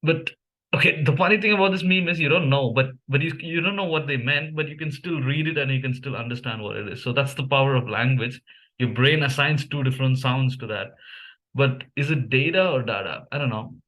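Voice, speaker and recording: This young man from India, a language vlogger with Malayalam as his first language, speaks briskly in a mid-range, fairly bright voice. He muses over memes in an Indian English accent, full of fillers and false starts.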